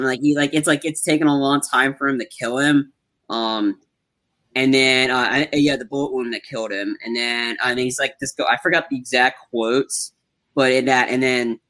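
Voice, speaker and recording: A man's voice: medium pitch, sharp tone. A man in casual conversation, recapping movie scenes with lots of fillers and restarts. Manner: rambling, many fillers, acts out quotes.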